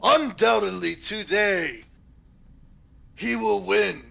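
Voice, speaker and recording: A man's voice: high-pitched, creaky, sharp tone, lo-fi sound, voice pushed up, full character voice. Man putting on a lofty, declaiming bard. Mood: boastful. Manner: slow, declamatory. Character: grand, boastful male bard herald.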